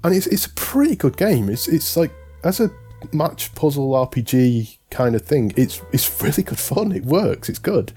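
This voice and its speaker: A man's voice: on the high side, very animated, normal speed, dark tone, husky, faint music behind. A man co-hosting a podcast, talking in a casual, rambling way and often correcting himself. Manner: rambling, self-correcting, amused. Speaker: podcast co-host. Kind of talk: casual chat.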